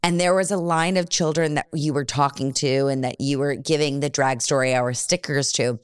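A woman's voice: low voice, steady tone, moderate pace, clean tone, no room sound. A woman hosting a podcast interview, telling a story effusively, laughing often and swearing casually. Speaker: podcast host.

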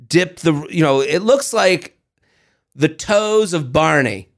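A man, a comedian, telling an animated, profane story in casual podcast chat. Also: a little high, takes it slowly. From United States.

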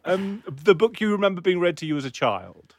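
A man's voice: sits high, big pitch swings, fairly quick, no room sound, clean studio sound. A man hosting a podcast interview, telling rambling anecdotes and laughing easily. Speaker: podcast host. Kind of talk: casual interview chat.

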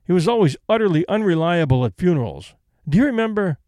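A man reading as a brisk, stoic old lady. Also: high voice, sing-song, mellow, dry recording, clean studio sound. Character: older woman, brisk, stoic, practical invalid.

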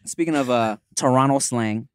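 A man's voice: mid-range voice, normal speed, slight background noise. A man with a Los Angeles accent, co-hosting a podcast in casual chat, slangy and laid-back, laughing often. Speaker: podcast co-host.

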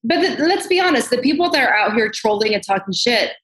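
A woman's voice: a little high, lively intonation, fast talker, fairly bright tone. A woman makeup artist, a guest in a casual interview, talking candidly and animatedly and swearing freely. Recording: roomy echo.

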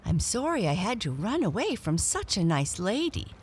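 A woman's voice: mid-range voice, big pitch swings, moderate pace, slight background noise, pitched above the performer's own voice, natural voice. A woman voicing a small female black cat who is timid but adventurous, musing to herself in a chatty way. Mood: regretful.

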